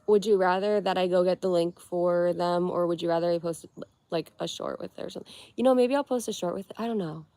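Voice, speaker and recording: A woman's voice: fairly low pitch, quick pace, dark tone, dry recording. A young woman from Connecticut hosting a casual livestream, chatting and giggling as she answers viewers' comments. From Connecticut, USA. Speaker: livestream host.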